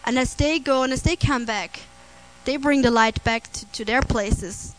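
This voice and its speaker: A woman preaching a sermon on scripture, earnest and prone to restarts and soft laughter. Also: fairly high pitch, measured pace, low-quality recording.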